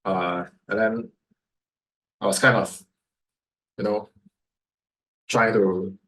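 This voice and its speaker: A man's voice: lowish voice, fairly even intonation, takes it slowly, fairly bright tone. A man with a Singaporean English accent, teaching sales as a coach, firing rhetorical questions at his listeners. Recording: echoey room.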